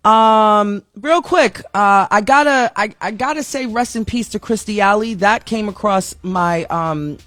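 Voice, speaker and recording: A woman's voice: mid-range voice, measured pace, few pauses, fairly bright tone, dry recording. Candid woman host, dry close sound. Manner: candid and self-deprecating, laughs often. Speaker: talk show host. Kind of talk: casual chatty monologue. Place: home studio.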